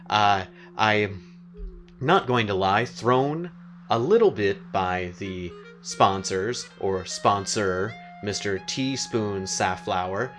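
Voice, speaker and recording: A man hosting a mock public radio show, slow and put-upon with a forced cheerfulness. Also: fairly low pitch, very animated, fairly bright tone. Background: guitar music.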